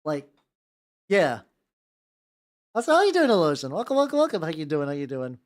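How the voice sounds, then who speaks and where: A woman's voice: deep voice, very animated, a little fast. A young woman chatting casually on a livestream while painting miniatures, rambling, swearing and restarting her sentences. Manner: rambling, profane, self-interrupting with stammered restarts. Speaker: VTuber streamer painting miniatures.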